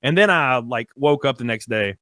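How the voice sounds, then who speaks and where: A young man casually telling a rambling, animated story, full of "like" and casual swearing. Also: medium pitch, moderate pace, no echo, studio quality. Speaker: guest storyteller. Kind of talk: casual storytelling on a live stream.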